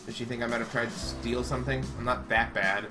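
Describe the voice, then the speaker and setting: A man's voice: mid-range voice, steady tone, fast, over music. Man reading a game dramatically. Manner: dramatic, sarcastic asides. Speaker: game reader. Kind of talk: reading a visual novel aloud.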